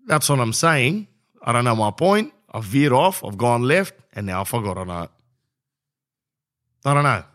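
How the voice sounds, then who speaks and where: A man's voice: medium pitch, fairly bright tone. A young man with an Australian accent, hosting a podcast in a brash, rambling, jokey monologue that runs into an ad read. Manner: rambling, brash and jokey, says bro a lot. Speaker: podcast host.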